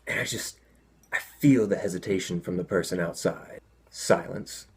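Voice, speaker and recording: A young man telling a comic personal story, animated with deadpan asides. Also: low voice, normal speed, gravelly, slightly rough.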